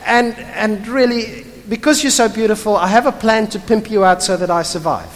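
Preacher acting out a smooth-talking scheming patriarch. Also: medium pitch, moderate pace, in a large hall, a little hiss or hum, close to an everyday voice. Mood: wheedling. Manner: flattering, wheedling.

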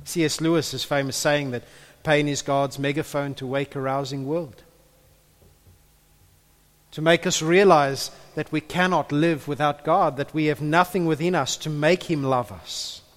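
A man preaching a sermon, earnest, building to loud impassioned peaks and repeating his words as he goes. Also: on the high side, fairly even intonation, unhurried. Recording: echoey hall with long reverb.

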